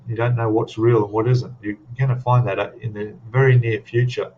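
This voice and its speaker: A man's voice: on the low side, flat delivery, fairly quick, muffled recording, a little hiss or hum. Rambling Australian man on a stream. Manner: rambling, chatty, tags questions with "eh?". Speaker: live stream host. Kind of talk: casual chat to a live audience.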